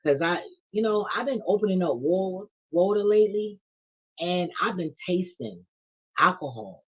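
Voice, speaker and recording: A woman's voice: medium pitch, normal speed, breathy edge, dull audio. A woman vlogger, telling a casual monologue full of slang and swearing. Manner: animated, profane storytelling with slang.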